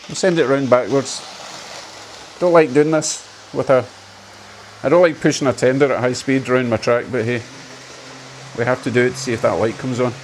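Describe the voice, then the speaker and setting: Here a model railway hobbyist hosts his channel, chatting eagerly and a little self-mockingly as he runs a model train on his layout. His mid-range voice stays fairly even and moves at a moderate pace, broken by frequent pauses, with slight background noise.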